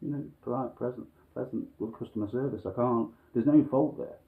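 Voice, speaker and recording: A man telling a long grievance story at home, blunt and sweary, chuckling between complaints. His voice sits at an ordinary middle pitch. The sound is thin and phone-like. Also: fairly quick, gravelly. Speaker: vlogger. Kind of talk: casual ranting monologue.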